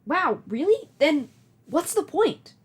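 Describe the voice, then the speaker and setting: A woman voicing an excitable young boy hero, talking with breathless, boyish eagerness. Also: sits high, takes it slowly, pitched above the performer's own voice, exaggerated voice. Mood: incredulous.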